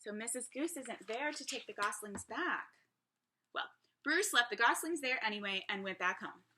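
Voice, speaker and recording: A woman's voice: fairly high pitch, expressive, normal speed, bright, forceful tone, a little hiss or hum. A woman teacher reading a picture book aloud to young children, with chatty asides to her listeners. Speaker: preschool teacher.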